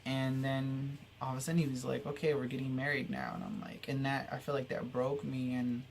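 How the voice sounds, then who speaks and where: A man's voice: medium pitch, lively intonation, fairly quick, gravelly, slight background noise. A young man telling a personal story in a vlog, rambling and heartfelt with lots of fillers. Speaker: vlogger.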